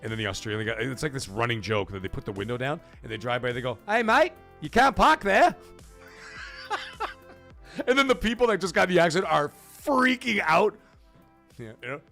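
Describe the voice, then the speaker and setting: A man's voice: medium pitch, lively intonation, fast talker, creaky, fairly bright tone, soft background music. A man hosting a livestream in casual chat, swearing freely and laughing as he reads chat messages aloud. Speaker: livestream host.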